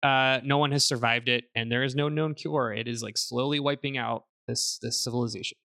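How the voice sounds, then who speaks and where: A man hosting a casual podcast, recapping a game's story in an animated way with fillers. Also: medium pitch, a little fast, creaky. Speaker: podcast host summarizing a game. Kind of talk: casual chat.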